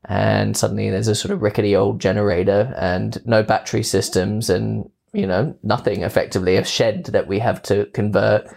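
A young man in his twenties with a low, gravelly, husky voice, speaking in a relaxed interview. He tells his stories with animation and slips into playful voices when quoting people. His accent is English with some Australian touches. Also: moderate pace, few pauses. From England. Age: 20s. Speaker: guest. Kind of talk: casual interview answers.

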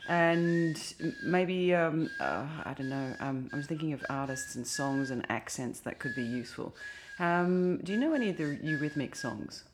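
A woman's voice: low voice, animated, normal speed, few pauses, noisy background. A woman teaching language, encouraging her student and hesitating with many fillers. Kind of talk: casual lesson.

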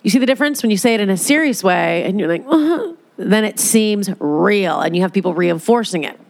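A woman's voice: mid-range voice, lively intonation, brisk, vocal fry. A woman in a casual monologue, candid, joking and profane, who slips into mocking voices.

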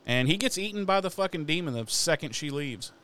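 A man's voice: on the high side, fairly quick. A man casually recapping a TV episode, swearing freely and acting out the characters' lines. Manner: animated, swears a lot, acts out characters' lines. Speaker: podcast co-host recapping an episode. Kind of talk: casual profane recap chat.

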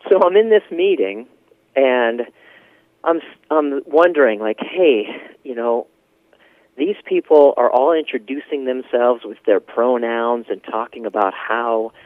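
A man telling a story in casual conversation, animated and laughing often, with lots of fillers. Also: medium pitch, no echo. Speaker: guest. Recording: tinny phone line, dry.

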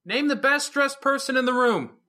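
A man's voice: very high voice, very animated, normal speed, sharp tone, pitched above the performer's own voice, heavily acted. A man voicing a bold, playful teenage girl in an audiobook reading, teasing and calling out across a room. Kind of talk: audiobook character voice.

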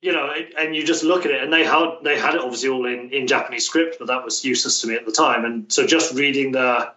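A man's voice: mid-range voice, fast talker, pushed and bright. British man, distant and roomy. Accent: British English. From Britain. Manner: chatty, frequent restarts and fillers. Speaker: guest, language coach. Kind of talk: casual interview chat. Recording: roomy, distant, dull remote-call sound.

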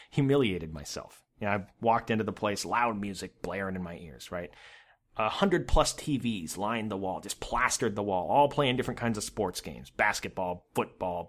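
A male podcast host telling a story about himself in an animated, self-mocking way. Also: on the low side. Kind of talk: storytelling monologue.

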